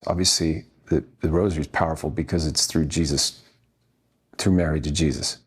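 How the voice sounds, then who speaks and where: A man's voice: very deep voice, fairly even intonation, a little fast, breathy edge. A man being interviewed as a guest actor, telling earnest, rambling stories full of restarts. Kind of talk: anecdotal interview storytelling.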